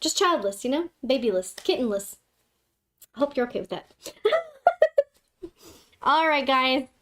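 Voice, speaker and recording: With a high, bright voice, lively intonation and a measured pace, this young livestream host chats casually. She giggles a lot, curses offhandedly and fawns over her cat.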